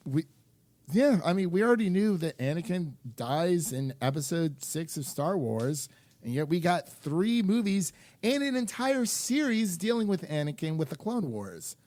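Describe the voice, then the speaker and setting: A young man co-hosting a film podcast, talking in an animated, rambling way with lots of restarts and fillers. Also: sits high, moderate pace, no echo. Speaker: podcast co-host. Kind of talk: casual chat.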